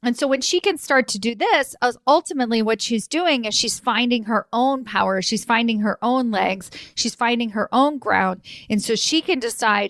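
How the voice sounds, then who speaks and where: A woman hosting a solo podcast as an executive coach, telling client stories in an animated way and acting out the dialogue. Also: a little high, normal speed, hardly any pauses, no echo, clean studio sound. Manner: animated storytelling, acts out quoted dialogue with laughs.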